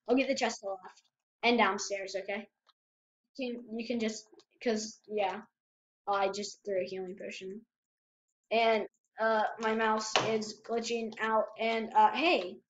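A woman talks through a video game at her desk in bursts of excitement, repeating words when things get hectic. Her voice sits high and the lo-fi home mic dulls it. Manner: excitable, exclaims and repeats herself. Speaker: gamer. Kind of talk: casual gameplay commentary.

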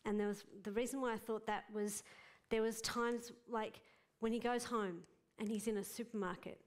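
A woman's voice: a little high, steady tone, normal speed. A woman, a filmmaker chatting eagerly and rambling a little on a live panel. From Australia. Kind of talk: panel discussion. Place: live gallery panel event.

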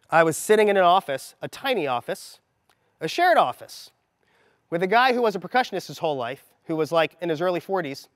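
Speaking to an assembled group, a motivational coach in his thirties uses a distinctly high register and tells his story with energy, performing the quoted lines. Up close the audio is dry, but a large hall's long reverb lingers behind it.

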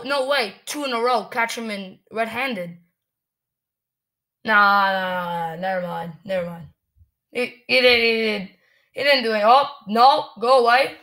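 Woman gamer, high pitch, unhurried delivery, angry ranting commentary, cursing. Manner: cursing, ranting, quick to shout.

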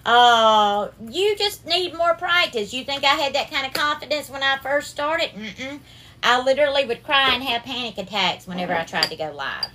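A woman's voice: high voice, expressive, normal speed, sharp tone, a little hiss or hum. Affectionate Southern woman hosting a cooking livestream. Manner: affectionate, greets viewers by name, calls them darling and sweetheart. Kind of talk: casual live-stream cooking chat.

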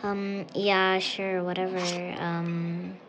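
A woman voicing a hurried female customer, soft and pleading, late for work in a game role-play. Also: on the low side, little pitch movement, lo-fi sound, noisy background, voice pushed down.

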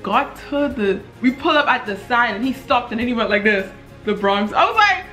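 A woman's voice: on the high side, sing-song, a little fast, a bit bright, faint music behind. A woman in her twenties from the Bahamas, chatting casually to the camera as a vlogger, telling a story and often repeating her words.

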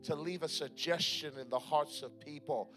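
A man's voice: fairly high pitch, normal speed, fairly bright tone. A man leading a church service as pastor, joking with the congregation, then praying and delivering fervent prophetic declarations. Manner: playful, joking asides with laughter. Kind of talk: sermon with prayer and prophecy. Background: music playing.

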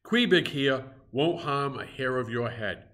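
A man's voice: mid-range voice, lively intonation, unhurried, a bit bright. A man reading aloud and voicing a grinning, jovial innkeeper who coaxes and teases. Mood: coaxing. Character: grinning old male innkeeper, coaxing.

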